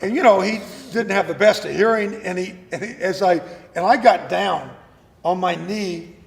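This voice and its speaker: A man being interviewed as an actor guest, telling animated stories and often repeating words as he starts a sentence. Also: high voice, moderate pace, gravelly, long reverb tail. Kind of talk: casual interview chat.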